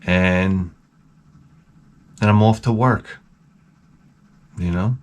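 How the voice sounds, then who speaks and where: A man's voice: deep voice, drawn-out words. A man hosting his own video, telling work stories in a wry, rambling way with crude asides. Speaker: video host. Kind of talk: casual rambling monologue.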